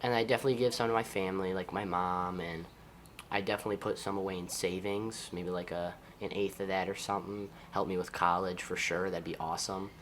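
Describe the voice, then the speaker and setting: High school senior football player, young man, Ohio accent, relaxed and chatty, slightly low voice. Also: fairly quick, slight background noise. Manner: upbeat, easygoing, laughs often. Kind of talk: casual interview answers.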